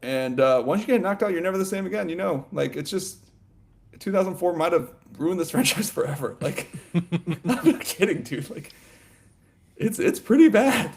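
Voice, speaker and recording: Guy on a sports podcast, kinda high voice, rambly, says like a lot, laughs mid-sentence. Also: moderate pace, creaky, slight background noise. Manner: animated, rambling, heavy on "like" and "you know". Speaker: podcast co-host. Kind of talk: casual sports chat.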